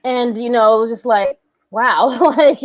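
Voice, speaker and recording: A woman co-hosting a wrestling review show, reacting in an animated, chatty way with frequent laughs and lots of filler words. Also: fairly high pitch, measured pace, no echo. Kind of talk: casual review chat.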